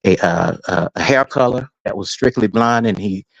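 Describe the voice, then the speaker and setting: A man's voice: lowish voice, normal speed, vocal fry, no room sound, highs cut off. A man guest on a podcast, telling a story casually and laughing easily, heard over a remote call.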